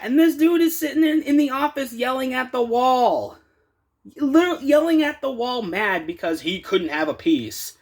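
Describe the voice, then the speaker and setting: High-voiced man telling a work story. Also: moderate pace. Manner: animated, retelling with quoted dialogue. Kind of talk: casual storytelling vlog.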